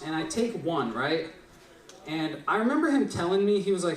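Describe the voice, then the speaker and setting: A young man tells a rambling, profane story at an open mic, checking in with the crowd as he goes. His voice sits a little high. The recording is roomy and distant, caught from across a small venue. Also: sing-song, moderate pace. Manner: rambling, profane, keeps asking "right?". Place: small live venue stage. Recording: echoey room, distant mic.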